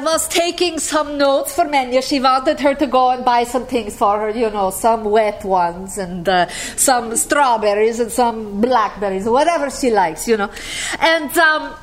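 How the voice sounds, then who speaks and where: High-voiced woman telling a story. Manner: halting, full of fillers and restarts. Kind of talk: casual spoken storytelling.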